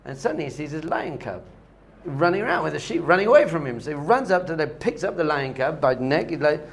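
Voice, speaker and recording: A man's voice: on the high side, animated, fast. A man, a rabbi, giving a spiritual lesson with a story, talking animatedly and repeating key points for emphasis.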